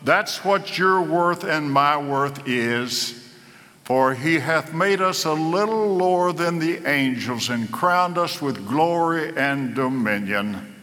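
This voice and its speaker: A man preaching a sermon, slow and dramatic, building to emphatic peaks. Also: fairly high pitch, animated, bright, forceful tone. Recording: echoey hall.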